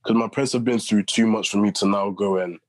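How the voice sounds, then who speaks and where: A man's voice: fairly low pitch, steady tone, no echo. A young man, a podcast guest, talking earnestly in a casual interview. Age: young adult. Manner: earnest, talks fast with many restarts.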